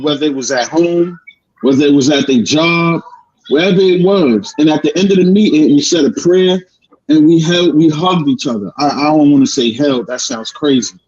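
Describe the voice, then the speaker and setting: A man's voice: on the high side, moderate pace, a little mellow, husky, lo-fi sound. A man chatting heartfelt and conversationally as co-host, with lots of fillers. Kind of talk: casual talk-show chat.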